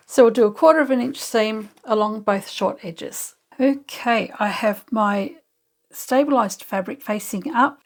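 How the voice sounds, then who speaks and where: Gravelly-voiced woman hosting a sewing tutorial. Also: medium pitch. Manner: chatty, thinking aloud step by step. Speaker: sewing channel host.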